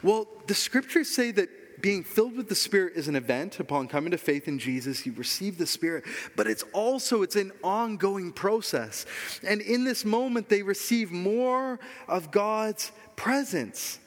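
A man's voice: sits high, lively intonation, moderate pace, long reverb tail. A man preaching a sermon as pastor, earnest and emphatic, repeating key phrases for weight.

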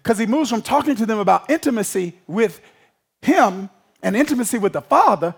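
Preacher, male, very high voice with a raspy edge, call-and-response sermon delivery. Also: expressive, brisk. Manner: emphatic call-and-response preaching, often asking if the congregation follows.

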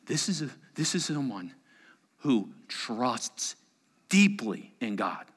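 A man preaching a sermon, dropping to hushed whispers and rising to loud, pleading bursts. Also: medium pitch, sing-song, slow, slightly rough, big-room sound. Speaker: pastor.

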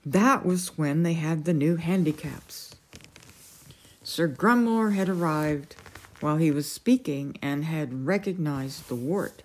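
A woman reading a novel aloud as a storyteller, gentle and unhurried. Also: sits low.

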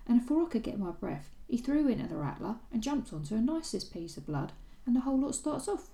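A woman reading out a scrappy young male servant with a Cockney accent, talking in thieves' slang, raised and a little louder than her own voice. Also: on the high side, big pitch swings, quick pace, echoey room, voice pushed up. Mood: cheeky. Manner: thieves' cant, sulky and defensive. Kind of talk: reading aloud from a novel.

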